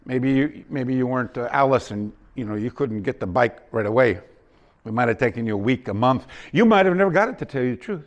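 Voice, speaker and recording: A man's voice: medium pitch, expressive, brisk. A male martial arts instructor teaching a seminar, telling anecdotes with frequent restarts and acting out his students' lines. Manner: storytelling, acts out quoted students, frequent restarts. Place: dojo training hall.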